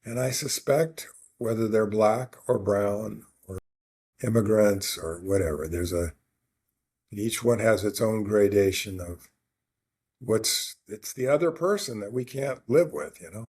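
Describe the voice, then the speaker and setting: Unhurried and fairly low-pitched, a podcast co-host's voice sounds a little mellow and slightly rough. He tells a long, rambling personal story casually, with many restarts and plenty of quoted dialogue.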